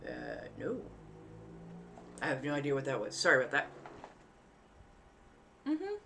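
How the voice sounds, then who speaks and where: A woman's voice: sits low, wildly swooping pitch, a little slow, a bit bright, slight background noise. A woman hosting a live stream in casual chat, rambling easily and enunciating carefully around costume fangs. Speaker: livestream host.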